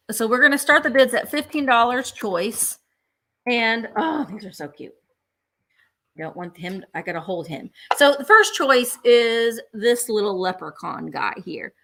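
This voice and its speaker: A woman's voice: on the high side, expressive, a little slow, pushed and bright. A woman hosting a live vintage sale who chats enthusiastically and gushes over each item as she presents it. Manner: gushing, chatty, enthusiastic about items. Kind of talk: live selling stream.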